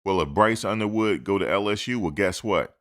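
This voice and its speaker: A man with a very low voice talks sports straight into a close microphone. He is emphatic and animated, hammering points home by repeating them. He lectures his audience like a fired-up commentator. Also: a little fast. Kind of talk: opinionated sports talk.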